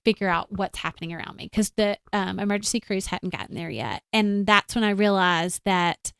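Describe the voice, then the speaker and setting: A woman speaks as a guest in an interview and recounts a personal story. She is earnest and reflective, with casual fillers. Her voice is smooth and resonant, and the recording is close and dry. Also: medium pitch, fairly quick, a bit bright, no room sound.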